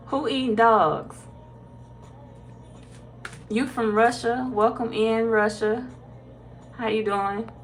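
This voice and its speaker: A woman's voice: on the high side, fairly even intonation, slow pace, long pauses, a little hiss or hum. Laid-back woman chatting on a livestream. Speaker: tarot reader. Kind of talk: casual livestream chat reading viewer comments.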